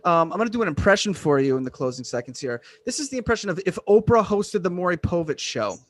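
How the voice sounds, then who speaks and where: A man from Western Massachusetts doing a deadpan, self-deprecating stand-up set over a video call. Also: sits high, fast. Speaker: stand-up comedian.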